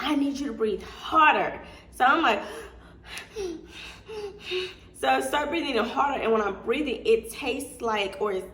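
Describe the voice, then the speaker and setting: A woman's voice: medium pitch, a bit bright. A young adult woman vlogger casually telling a candid story, chatty and full of fillers and laughter. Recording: echoey room with faint noise.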